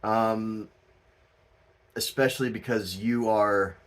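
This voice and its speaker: Male tarot reader host, slow and drawn-out delivery, casual and animated, laughing and swearing. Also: lowish voice. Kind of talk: casual tarot reading monologue.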